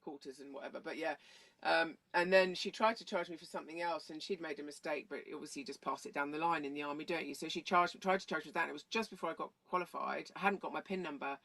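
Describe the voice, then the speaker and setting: A woman's voice: steady tone, fast, a bit bright. A woman telling stories in a casual chat, rambling and going off on tangents. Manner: acts out quoted voices in a much higher pitch. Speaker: guest. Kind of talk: casual storytelling.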